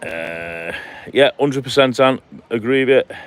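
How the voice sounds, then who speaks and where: A man's voice: medium pitch, animated, unhurried, a bit bright. Friendly male vlogger, chats matily to his live viewers while walking outdoors on a phone. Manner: chatty, matey, addresses viewers by name. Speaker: live-stream vlogger reading chat. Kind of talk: casual live-stream chat while walking. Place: outdoors on a seaside clifftop walk.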